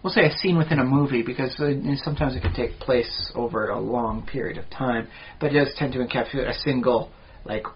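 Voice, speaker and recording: A man's voice: medium pitch, a little fast, few pauses. A man co-hosting a podcast in casual chat, explaining at length with asides. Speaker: podcast co-host. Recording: dull lo-fi podcast audio, faint hiss.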